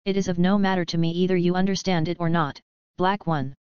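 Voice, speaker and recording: A woman's voice: lowish voice, fairly even intonation, a little fast, clear, resonant tone, dry recording, natural voice. A woman voicing an ancient ghostly wolf god of the hunt who speaks in grand, formal pronouncements. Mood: solemn. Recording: dull lo-fi audio.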